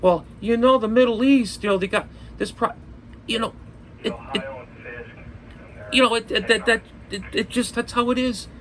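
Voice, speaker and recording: A man putting on the high, sharp voice of a pompous male preacher who stumbles through each sentence. He leans on forced emphasis and fills the gaps with stammered filler. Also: fairly even intonation, moderate pace, pauses often, low-quality recording. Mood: mocking. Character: mocked male preacher, halting and self-important.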